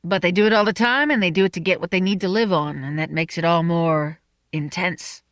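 A narrator reading an audiobook, voicing a gruff man who speaks grudgingly. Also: mid-range voice, a little fast, fairly bright tone, no room sound, studio quality, lightly acted. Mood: eager. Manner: grudging, growling.

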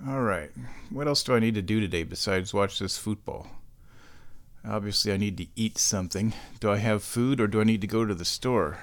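A man vlogging at home, narrating his chores step by step in a casual running commentary. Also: on the low side. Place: home, kitchen then downstairs.

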